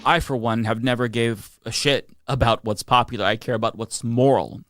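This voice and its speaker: Male political commentator, earnest and blunt, mid pitch, dry close recording. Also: fairly even intonation, normal speed, a bit bright, dry recording, faint music behind. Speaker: commentator in a played clip.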